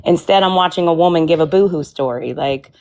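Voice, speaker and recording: A woman's voice: on the low side, a little fast, darkish tone. A woman giving her blunt opinion in a casual group chat, swearing and apologizing in the same breath. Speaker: live stream participant.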